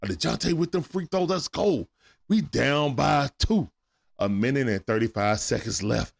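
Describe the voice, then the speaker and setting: Excitable gravelly male stream commentator. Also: mid-range voice, measured pace. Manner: excitable play-by-play, swings from hushed to shouting. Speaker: stream host. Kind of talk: casual live-stream game commentary. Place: at home at night.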